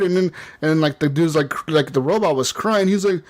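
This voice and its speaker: A man's voice: a little high, moderate pace, hardly any pauses. A man on a casual gaming podcast, retelling what happened in his playthrough with plenty of fillers and acted-out quotes. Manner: animated storytelling, acts out quotes, many fillers. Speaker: podcast guest or host.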